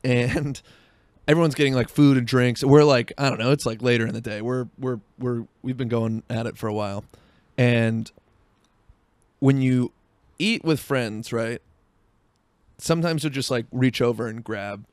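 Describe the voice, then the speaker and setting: A young man rambles through a story for his podcast, swearing freely and leaning on fillers as he talks from behind the wheel. His voice sits at an ordinary pitch and sounds close and dry, with no room echo. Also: fairly even intonation, measured pace, pauses often, darkish tone. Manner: rambling, profane, lots of fillers. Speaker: podcast host. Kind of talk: casual storytelling monologue.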